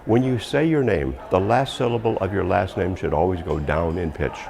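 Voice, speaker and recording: Very deep, gravelly-voiced man coaching. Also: normal speed, crowd noise. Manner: emphatic, drops pitch firmly on endings. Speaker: communication coach. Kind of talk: instructional talk.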